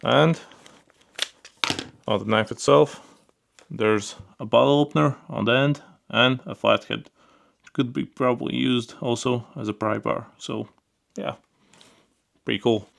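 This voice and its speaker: Gravelly man reviewing gear casually. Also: medium pitch, a little slow. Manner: relaxed, repeats fillers like "pretty cool" and "yeah"; handles the gear while talking. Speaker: product reviewer.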